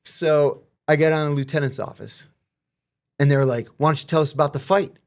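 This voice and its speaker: A man's voice: on the high side, steady tone, fairly quick. A middle-aged man telling prison stories in casual conversation, acting out the quoted exchanges with profanity.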